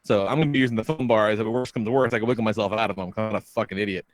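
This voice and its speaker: A man hosting a podcast, telling a long story in casual chat, animated and full of swearing. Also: lowish voice, very fast, no echo. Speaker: podcast host.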